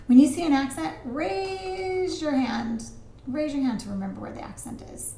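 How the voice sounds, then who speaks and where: A woman teaching a recorded lesson, chatty and full of asides, slowing down to pronounce each vocabulary word. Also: sits high, expressive, vocal fry, warm tone, reverberant. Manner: chatty, explains with asides and fillers; slows down to pronounce vocabulary words. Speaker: Spanish teacher.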